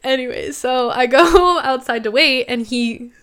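A young woman co-hosting a podcast, telling a personal story in casual chat, animated and swearing, quoting others. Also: sits high, a little slow, smooth. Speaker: podcast co-host.

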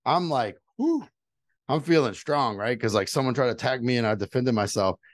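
A man's voice: medium pitch, brisk, no room sound. A middle-aged man telling earnest personal stories in casual conversation as a guest. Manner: earnest storytelling. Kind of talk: casual chat.

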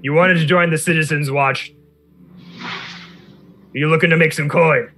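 A man's voice: fairly high pitch, fairly even intonation, measured pace, sharp tone, faint music behind. A man voicing a harried male guard commander who barks curt orders. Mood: exasperated.

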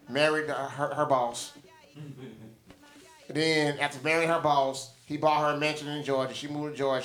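A man's voice: a little high, fairly bright tone. A man co-hosting a podcast, joking and sarcastic as he tells a story. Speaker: podcast co-host. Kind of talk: casual opinionated chat. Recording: echoey room.

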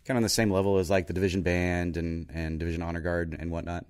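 A man's voice: deep voice, level tone, quick pace, a little mellow, clean tone. An American man and army veteran, joking playfully and rambling through stories as a podcast co-host. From United States. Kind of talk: casual chat, storytelling.

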